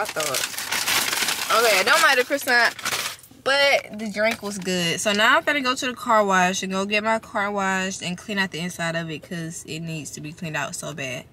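A young woman vlogging casually to camera from inside her parked car, chatty and expressive, swearing freely and talking to her viewers as y'all. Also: mid-range voice, background noise. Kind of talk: casual vlog talk to camera.

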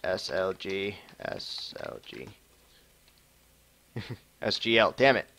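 A man's voice: low voice, sing-song, slow, gravelly, sharp tone. A man casually commenting on his own match while streaming, joking and laughing often as he plays at home. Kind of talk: casual live game commentary. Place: home room with keyboard typing.

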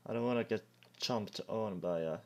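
A man's voice: on the low side, normal speed. A man giving let's play commentary as a gaming YouTuber, jumpy and talking back to the game characters.

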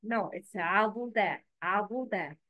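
A woman teaching letter pronunciation in a slow, patient lesson, repeating each word for the learner to echo. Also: medium pitch, pushed and bright, dull audio.

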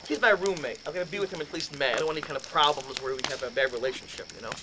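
A man giving a storytelling lecture, animated and acting out the dialogue as he goes. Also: on the high side, rapid-fire, very noisy. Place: lecture room.

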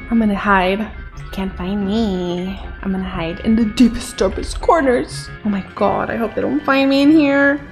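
High, lively excitable woman. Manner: excitable, gasping and giggly. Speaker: gaming video creator. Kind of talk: playful gameplay commentary.

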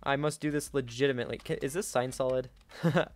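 A young man giving live gameplay commentary, swinging between yelling in frustration and quiet muttering to himself. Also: mid-range voice, fairly even intonation, fairly quick, no room sound, soft background music. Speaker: gaming YouTuber.

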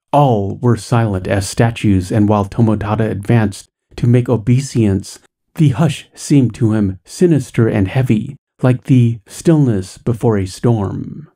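A man reading a ghost story aloud in a measured, dramatic storytelling way. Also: mid-range voice, mellow. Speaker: story reader. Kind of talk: storytelling narration.

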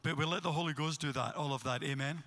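A man with a Scottish accent, a pastor preaching a sermon and telling stories with animated energy. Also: fairly high pitch, fast talker. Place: church hall. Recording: long hall reverb.

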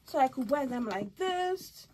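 A young woman chats through a casual haul vlog at home, her high voice swooping widely as she gushes. Her tone is bright and sharp, and she squeals with excitement. A faint hiss sits behind her. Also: unhurried. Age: young adult. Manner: bubbly, gushing, squeals with excitement. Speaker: vlogger.

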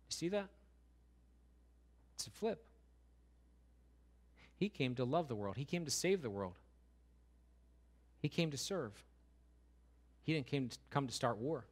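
Male pastor, mid-range voice, preaching with emphasis, repeats lines and asks the congregation questions. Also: medium pitch. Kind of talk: sermon.

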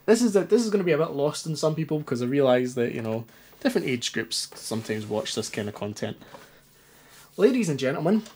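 A man's voice: mid-range voice, fast talker, darkish tone, a little hiss or hum. Rambling anxious man demoing gear. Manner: rambling, self-deprecating, many ums and restarts. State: anxious, stutters. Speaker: retro gaming youtuber. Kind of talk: casual hands-on demo.

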